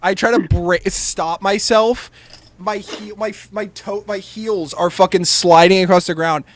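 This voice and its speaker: A young man with a high voice tells crude, animated stories on a comedy podcast. He swears freely and acts out scenes with sound effects. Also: unhurried. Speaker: podcast host. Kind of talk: casual comedic storytelling.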